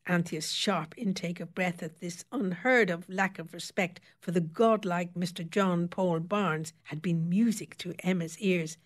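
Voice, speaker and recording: Woman audiobook narrator, expressive steady reading, lowish voice. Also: a little slow. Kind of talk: scripted narration.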